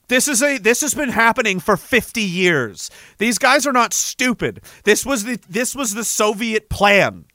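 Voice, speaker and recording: A young Canadian man delivers a heated, profane, rambling monologue, casually ranting and often restarting sentences as he gets worked up. His voice is bright and fairly high for a man. The recording is dry and close.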